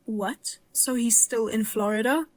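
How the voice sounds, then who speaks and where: A woman's voice: a little high, unhurried, lightly acted. A woman voicing a blunt, outraged mother-in-law who jokes darkly and talks sharply. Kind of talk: dramatized story voice-over.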